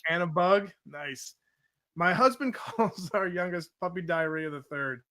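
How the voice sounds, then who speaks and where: Upbeat male co-host, high and bright voice, laughs often, reads listener comments. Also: unhurried. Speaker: podcast co-host. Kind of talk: casual chat reading listener comments.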